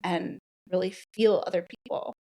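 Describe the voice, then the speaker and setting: A middle-aged woman, a podcast guest, telling personal stories in a casual way and acting out quoted dialogue with lively jumps in pitch. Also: moderate pace. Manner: many fillers like "um" and "like". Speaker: guest, Reiki practitioner. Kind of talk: casual conversational storytelling.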